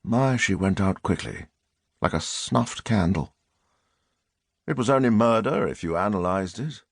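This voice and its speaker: Gravelly low murderer guy musing to himself, self-pitying, swings up and down a lot, narrator puts him on. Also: lively intonation, measured pace, no echo, clean studio sound, exaggerated voice. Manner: musing, self-justifying inner monologue. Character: brooding middle-aged English murderer, self-pitying.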